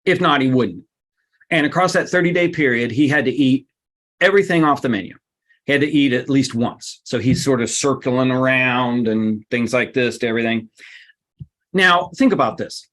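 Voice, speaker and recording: A man giving a lively seminar talk, emphatic and blunt, his voice leaping up on the points he stresses. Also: normal speed. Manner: emphatic and blunt, with sudden pitch jumps. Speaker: workshop speaker.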